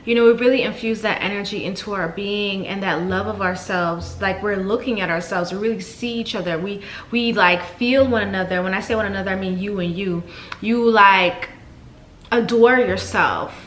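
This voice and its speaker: A woman hosting a podcast, reading soft repeated affirmations and then chatting casually and excitably. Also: medium pitch, moderate pace, reverberant, slight background noise. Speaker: podcast host. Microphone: desk mic with camera.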